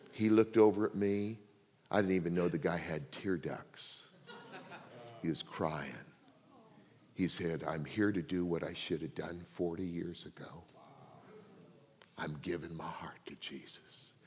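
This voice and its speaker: A man's voice: deep voice, unhurried, pauses often. Older man preaching in a reverberant hall. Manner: animated, swings from quiet asides to loud laughing outbursts. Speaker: pastor. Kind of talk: sermon storytelling. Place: church sanctuary.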